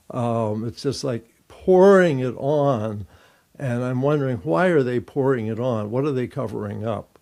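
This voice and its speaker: Gravelly older man explaining calmly. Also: mid-range voice. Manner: measured, explanatory, thinks aloud. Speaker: guest author and therapist. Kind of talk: conversational interview answers.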